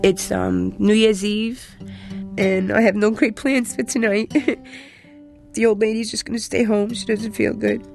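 A woman recording personal messages to her young son, speaking tenderly and haltingly with pauses and restarts. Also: medium pitch, steady tone, creaky, music in the background. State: crying.

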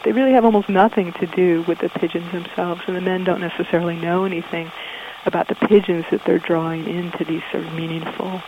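A woman's voice: fairly low pitch, steady tone, a little fast, noisy background. A woman guest in a radio interview, explaining in a thoughtful way with frequent ums, heard through dull, muffled audio.

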